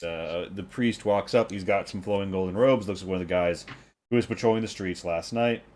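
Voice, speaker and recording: A man narrating as game master of a tabletop game, relaxed and loose with fillers. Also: deep voice, a little fast.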